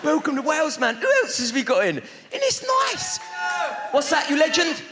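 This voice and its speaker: A man with a London accent works the crowd on a theatre stage, firing off cheeky slang banter in a very high-pitched voice at a quick pace. This stand-up comedian is recorded live in a reverberant theatre with a loud crowd, background noise, and audience laughter and applause.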